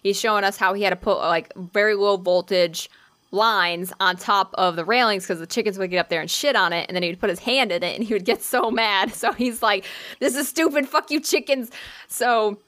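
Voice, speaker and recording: A woman's voice: mid-range voice, fairly quick, a bit bright, no room sound. A woman casually telling a funny story on a podcast, full of "like" and "bro", swearing freely and laughing along. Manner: profane, laid-back, heavy use of "like" and "bro"; laughs through her own story. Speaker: podcast co-host.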